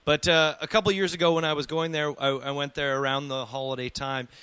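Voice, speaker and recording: A man's voice: a little high, level tone, quick pace, a bit bright, smooth, dry recording. A man hosting a casual radio show, bantering and joking at his own expense. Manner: self-deprecating, jokey.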